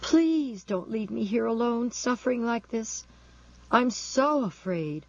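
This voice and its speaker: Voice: mid-range voice, expressive, slow, voice pushed up. A narrator voicing a terrified injured man who begs for help, his voice shuddering with pain and fear. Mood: pleading. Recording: dull lo-fi recording.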